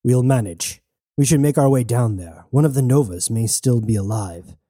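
A man plays a loyal male soldier who talks firmly and refuses to leave anyone behind. His tone is dark and mellow, recorded dry and close. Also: medium pitch, lively intonation, normal speed, no room sound, lightly acted. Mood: earnest. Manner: firm, protective.

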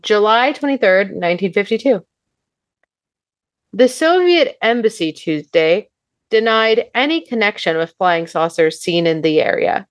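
A young woman co-hosting a loose, profane chat, dry and deadpan as she reads out old news clippings. Her voice sits in a middle range and sounds close and dry, with no room around it. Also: medium pitch, measured pace, no echo. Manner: profane, deadpan, laughs a lot. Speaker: podcast co-host.

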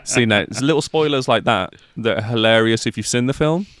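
A man with an English Midlands accent, co-hosting a casual podcast chat and retelling a plot with lots of swearing and animated enthusiasm. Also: medium pitch, brisk, clear, resonant tone, no room sound, studio quality. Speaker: podcast co-host.

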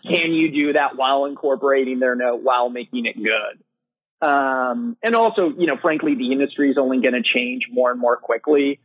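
Man, husky voice, phone-like sound, dry, casual fillers, interview guest. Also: mid-range voice, moderate pace, dry recording. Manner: casual, many fillers like "you know" and "like". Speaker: literary manager. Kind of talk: podcast interview answers.

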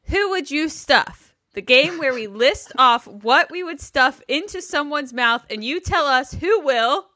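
A woman's voice: high voice, expressive, measured pace, bright, forceful tone, dry recording, clean studio sound. A woman co-hosting a podcast, bubbly and laughing often as she runs a game segment. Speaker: podcast co-host. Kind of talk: casual podcast chat.

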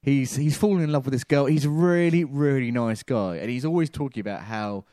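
A man's voice: medium pitch, fairly quick, no echo, studio quality. A man co-hosting a podcast, casually telling an anecdote with lots of laughter and acted-out voices. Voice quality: animated, laughs often, acts out voices. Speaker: podcast co-host. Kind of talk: casual chat, storytelling.

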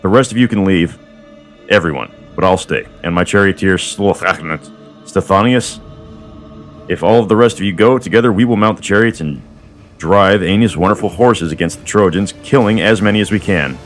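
Man reading fierce young warrior, defiant, blunt, deep voice, faint music. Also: normal speed, natural voice.

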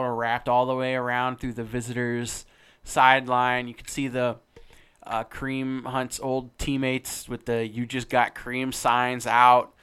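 A man's voice: medium pitch, fairly bright tone, smooth. A young man co-hosting a sports podcast, rambling and swearing as he tells a story in casual chat. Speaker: podcast co-host.

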